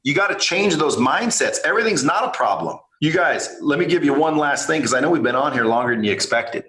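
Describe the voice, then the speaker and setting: An entrepreneur guesting on a casual podcast talks fairly quickly in a fairly high, bright, forceful voice. He's blunt and swears freely while telling animated stories, and there's a noticeable room echo.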